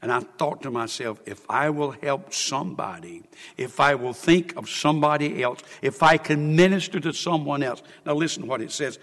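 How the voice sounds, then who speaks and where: A man preaching a sermon, swinging from hushed, emotional confession to loud exclamation. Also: a little high, lively intonation, normal speed, long reverb tail.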